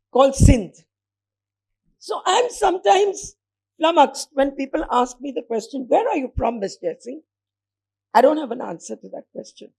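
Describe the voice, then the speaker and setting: A woman from India, giving a formal, emphatic public speech at a legal event and pausing to stress key words. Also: high-pitched, vocal fry, darkish tone, slightly rough. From India, born in Bombay. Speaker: speaker at a legal lecture event.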